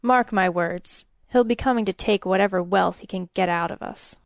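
A woman voicing a gruff, suspicious middle-aged male miller who grunts and growls his words. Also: medium pitch, normal speed, dry recording, clean studio sound, natural voice.

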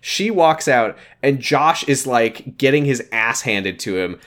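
A man co-hosting a podcast, chatting casually with sarcastic, profane, deadpan jokes. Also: mid-range voice, a little slow. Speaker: podcast co-host. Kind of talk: casual recap chat.

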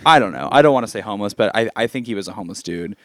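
A man's voice: lowish voice, expressive, very fast, fairly bright tone, dry recording, clean studio sound. A man telling a story casually among friends, laughing often and swearing freely.

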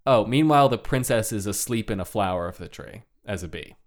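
A man's voice: fairly low pitch, lively intonation, fairly quick. A man casually retelling a folk tale, joking and laughing, with lots of "like". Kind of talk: casual chat.

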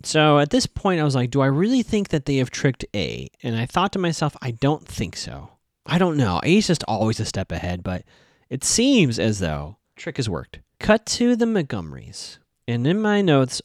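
A man giving a casual, chatty recap of a TV episode, acting out the characters' lines in quick asides. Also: medium pitch, no echo, studio quality. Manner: chatty, animated, with quoted asides.

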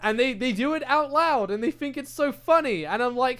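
A young man with a British accent talks into a desk microphone in a loose, casual chat. His voice sits high for a man, and he rants with plenty of swearing and filler words. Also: normal speed. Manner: animated, ranting, heavy swearing and filler words.

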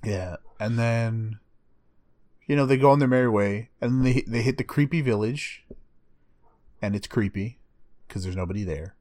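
A man's voice: fairly low pitch, moderate pace, pauses often, a little mellow, dry recording. A man casually recapping an anime episode with a friend, laid back and swearing freely. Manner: laid-back, swears, acts out characters in quotes.

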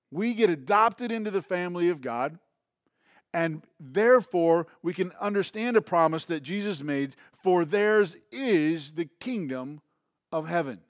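Male preacher, a touch high, dry close sound, talks to the room and checks in often. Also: no echo. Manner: conversational preaching with frequent restarts and check-ins like "right?". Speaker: pastor. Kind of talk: sermon.

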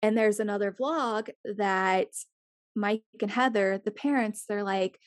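A young woman chatting casually as a podcast co-host, animated, swearing freely and acting out the people she quotes. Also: mid-range voice, a little slow, no echo, studio quality. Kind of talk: casual chat.

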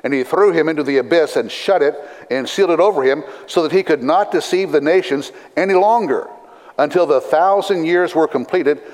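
A pastor giving a sermon, reading scripture in a measured, deliberate way with dry asides. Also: male voice, fairly high pitch, a little mellow. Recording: long reverb of a large hall.

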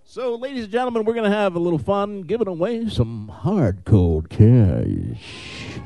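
A man's voice: high-pitched, wildly swooping pitch, unhurried, gravelly, warm tone, no echo. Joking male emcee with a put-on Southern drawl. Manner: playful, rambling, self-mocking. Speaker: event emcee. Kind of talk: joking emcee banter at a live event.

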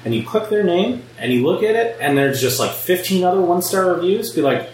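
A man's voice: sits high, expressive, fairly quick, slight background noise. Brief: easygoing male producer in casual chat, far from the mic with heavy room echo. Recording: very echoey, distant mic, faint ambience.

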